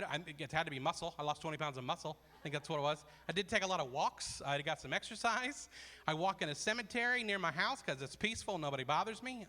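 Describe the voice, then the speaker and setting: A man's voice: high-pitched, bright, forceful tone, in a large hall. A man in his forties doing self-deprecating stand-up comedy at a charity fundraiser, rambling through asides. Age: 40s.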